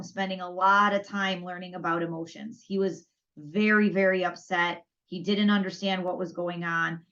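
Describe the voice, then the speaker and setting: A woman's voice: mid-range voice, fairly bright tone. A woman co-hosting a podcast, chatting casually and acting out both sides of past conversations as she tells a story. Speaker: podcast co-host. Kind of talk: casual chat. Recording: dull lo-fi audio.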